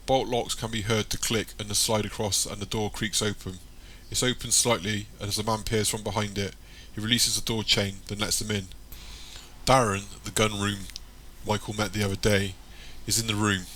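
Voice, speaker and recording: A man reading an audiobook chapter in plain, even scripted narration. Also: fairly low pitch, normal speed.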